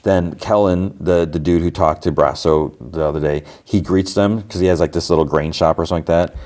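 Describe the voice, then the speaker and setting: A male podcast host recaps TV episodes casually and brisk, his low voice steady and a little mellow. The talk rambles, packed with the filler word "like."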